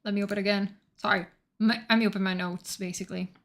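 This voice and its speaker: Talking fast in a medium-pitched voice, a woman streamer chats casually on a live stream. She's excitable and swears a lot, rambling on while hunting through her notes.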